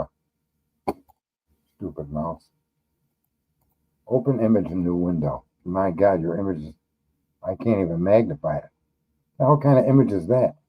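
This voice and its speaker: A man's voice: fairly low pitch, muffled recording. Blunt, profane New man. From New York. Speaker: livestream host. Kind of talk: casual livestream chat.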